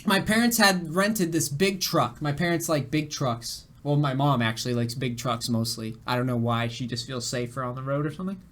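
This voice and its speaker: A man's voice: mid-range voice, moderate pace, hardly any pauses, fairly bright tone. A young man streaming games, his voice shaky after crying, telling a rambling story to his chat with laughs and restarts. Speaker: game streamer. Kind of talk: casual storytelling to a live chat.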